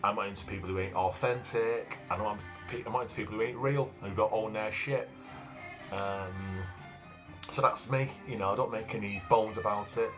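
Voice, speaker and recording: A Manchester man in his fifties with a broad local accent, a vlogger and author, talks about himself fairly quickly in a lowish voice. His casual monologue is blunt, plain-spoken, and full of fillers, with faint background music.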